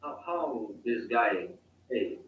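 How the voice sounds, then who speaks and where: A man's voice: lowish voice, animated, takes it slowly, a bit bright. A man, a student in an online English lesson, speaking hesitantly and searching for his words. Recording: distant echoey call with faint noise.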